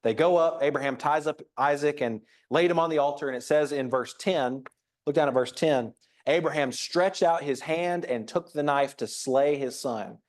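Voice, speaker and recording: A man's voice: a little high, normal speed. A man preaching a conversational sermon in a church, reading scripture aloud and reflecting on it with frequent restarts. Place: church auditorium.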